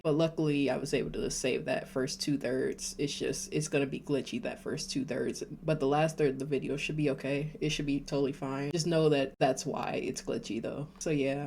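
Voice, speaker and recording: A woman's voice: a bass voice, a little mellow, a little hiss or hum. A woman hosting a reaction video, chatting casually and rambling, with frequent nervous laughs and false starts. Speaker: YouTube reaction host.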